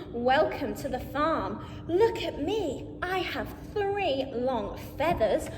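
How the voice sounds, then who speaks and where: A woman's voice: high voice, big pitch swings, slow, long reverb tail, full character voice. A woman voicing a cheerful, proud rooster on a storybook farm, crowing and showing off. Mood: cheery.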